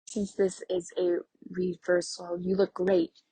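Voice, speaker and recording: Lady reading as a bitter, angry young husband, husky low voice, pretty flat, kinda loud. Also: slow pace, dry recording, full character voice. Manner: angry, sneering, raised voice. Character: bitter, restless young husband, grown man.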